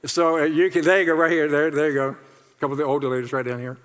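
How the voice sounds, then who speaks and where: High-voiced man preaching in a reverberant hall. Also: fast talker. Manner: animated, repetitive, leads the congregation in call-and-response. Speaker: pastor. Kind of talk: sermon. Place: large church hall with congregation.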